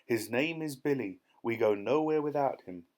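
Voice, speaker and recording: A man voicing a gentle, polite female giraffe who speaks calmly and courteously. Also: mid-range voice, moderate pace, lightly acted.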